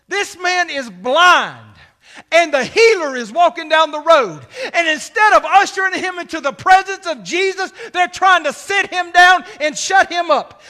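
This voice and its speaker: Male pastor, very high bright voice, sermon, shouts then drops to near-whispers. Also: animated, normal speed. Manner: swings from shouting to hushed asides.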